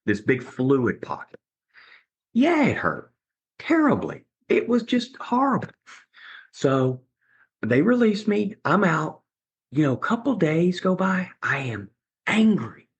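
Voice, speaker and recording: Middle-aged male guest, husky and lively, storytelling with voiced quotes. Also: sits high, slow pace, long pauses, dull audio. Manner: animated, acts out other people's lines. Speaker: podcast guest. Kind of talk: conversational storytelling.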